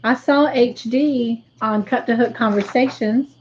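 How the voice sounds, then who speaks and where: Slow-talking woman hosting a stream. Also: on the high side, fairly even intonation, muffled recording, a little hiss or hum. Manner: slow, careful tallying of points. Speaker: livestream host. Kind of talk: casual livestream chat.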